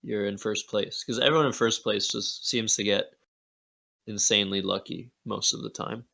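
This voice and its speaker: A man's voice: on the low side, fairly even intonation, normal speed, vocal fry, bright, forceful tone. A man giving live commentary on a board game match, joking and sarcastic. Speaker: Scrabble commentator.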